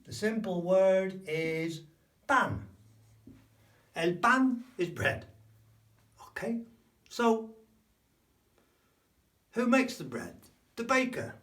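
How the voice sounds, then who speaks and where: A man giving a spoken language lesson, explaining slowly and repeating key words. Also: high voice, expressive, a bit bright, distant mic. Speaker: language teacher.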